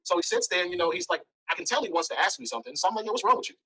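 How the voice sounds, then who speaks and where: A man talks at a breakneck clip, his husky voice bright and edged. He tells his story bluntly and candidly as an interview guest, jumping between narration and acted-out dialogue with a lively, swinging pitch. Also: racing, low-quality recording. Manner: blunt, animated, acts out dialogue.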